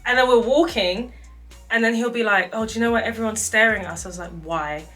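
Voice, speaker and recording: A young woman with a bright, lively voice spins a casual story, slipping into quoted voices and laughing as she goes. She sits a touch higher in pitch than most women. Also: fast, faint music behind. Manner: animated, acts out quotes, laughs often. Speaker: vlogger telling dating stories.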